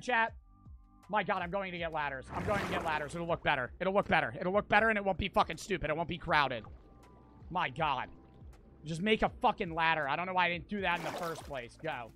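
A young man with an American accent, streaming a game live and talking to his chat, profane and quick to get frustrated. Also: high voice, sharp tone. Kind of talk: casual livestream gameplay chat.

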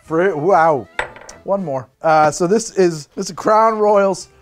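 A man's voice: sits high, takes it slowly, soft background music. A man hosting a casual spirits tasting vlog, joking and breaking into laughs as he talks. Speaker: host.

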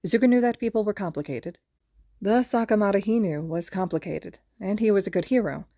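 Podfic reader: woman, mid pitch, steady storytelling, dry recording. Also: brisk, no room sound. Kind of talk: scripted narration of fan fiction.

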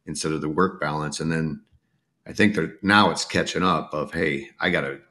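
A man's voice: very deep voice, normal speed, bright, forceful tone. A man co-hosting a podcast and talking casually about recruiting, who thinks aloud and often restarts his sentences. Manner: reflective, restarts thoughts mid-sentence. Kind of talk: casual conversational chat.

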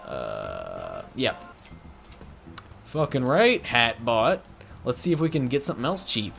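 A man's voice: medium pitch, animated, unhurried, fairly bright tone, soft background music. A young man doing profane, joking let's play commentary on a game. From Canada. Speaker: gaming commentator.

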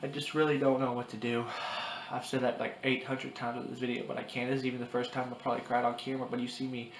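In a personal vlog, a man in his early twenties cries while speaking into his camera's mic. His mid-range voice stays flat and monotone as he halts, restarts and repeats himself. The room echoes, and a faint hiss sits underneath.

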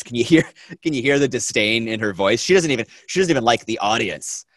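A man teaching a film class, talking in a lively, conversational way and asking the students questions. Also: mid-range voice, a little fast, no echo. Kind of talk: classroom lecture.

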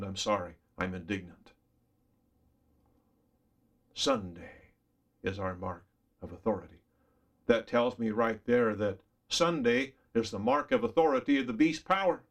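A man preaching a Bible study sermon in an earnest, emphatic way, often addressing the listener directly as a friend. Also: medium pitch.

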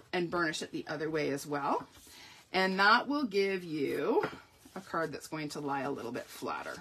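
A woman's voice: mid-range voice, a bit bright, a little hiss or hum. A woman hosting a live card-making tutorial, chatty and upbeat, with self-deprecating asides as she demonstrates. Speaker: crafting tutorial host.

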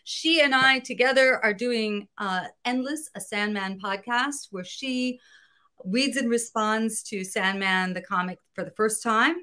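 A woman comic book writer, a guest in a casual interview, talking in an animated way, laughing often and searching for her words. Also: on the high side, measured pace.

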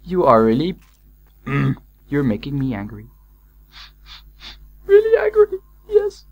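A man's voice: mid-range voice, huge pitch swings, normal speed. A man chatting with friends while playing an online game, teasing and joking in a playful, sing-song way. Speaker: gamer in voice chat. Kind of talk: casual gaming chat.

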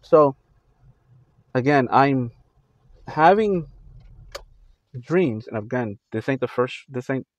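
A man's voice: medium pitch, no room sound. Rambling man recounting his dreams. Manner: rambling, halting, many fillers and restarts. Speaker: Christian channel host.

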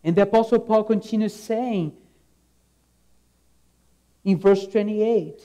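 With a voice that sits high, a man preaches a sermon at a slow, measured pace in a warm, mellow tone. His delivery is earnest and emphatic, and he often repeats a key phrase while letting his lines trail off softly.

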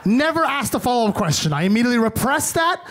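Animated young comic from Eritrea. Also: male voice, extremely high pitch, fast, slight background noise. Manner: animated, punchy. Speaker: stand-up comedian. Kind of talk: stand-up comedy.

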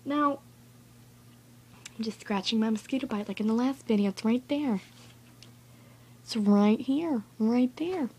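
A woman's voice: on the high side, normal speed, warm tone, slightly rough. A woman recording a casual, rambling tutorial vlog in her bedroom, chatty and goofy and easily sidetracked. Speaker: vlogger.

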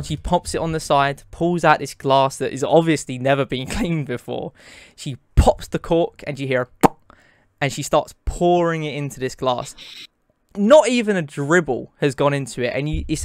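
A young man who narrates a tabletop game as game master. His voice sits fairly high and the sound is dry and close. He talks casually and stumbles through restarts. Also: clear, resonant tone, dry recording.

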